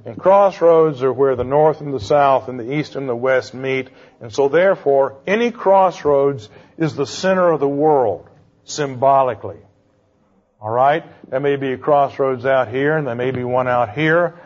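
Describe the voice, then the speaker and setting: A man's voice: mid-range voice, normal speed, lo-fi sound. A man giving a classroom lecture in a conversational way, quizzing his students with questions as he goes.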